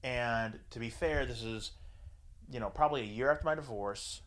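A man's voice: mid-range voice, moderate pace, a bit bright. A man telling a story in casual chat, swearing freely and talking with animation.

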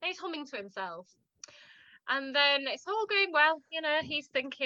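A woman's voice: high voice, very animated, moderate pace, sharp tone, dry recording, muffled recording. A woman with a northern English accent, chatting animatedly as a podcast co-host and laughing often. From northern England. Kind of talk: casual chat recapping a TV drama.

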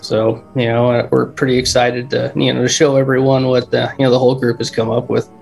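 A man's voice: medium pitch, flat delivery, brisk, gravelly, darkish tone, soft background music. A man as a podcast guest talking about building home haunts in a loose, rambling way, with "you know" in almost every sentence. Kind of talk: casual chat.

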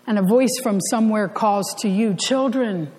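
A woman's voice: medium pitch, steady tone, moderate pace, warm tone. A woman pastor giving a sermon, telling the story in a conversational way with dry humor, recorded in a church sanctuary. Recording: church hall reverb.

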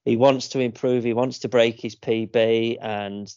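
A man's voice: mid-range voice, steady tone, a little slow, darkish tone, smooth, no echo, highs cut off. A man, co-hosting a podcast and telling a story in a casual, rambling way with lots of fillers. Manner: chatty storyteller, many fillers and restarts. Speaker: podcast co-host. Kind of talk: casual chat.

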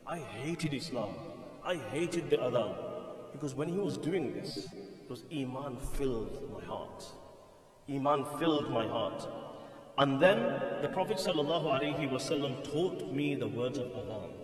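A man's voice: medium pitch, animated, moderate pace, soft background music. A man, a mufti giving a storytelling lecture in a mosque, who chants the call to prayer melodically. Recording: echoey hall, voice from far off.

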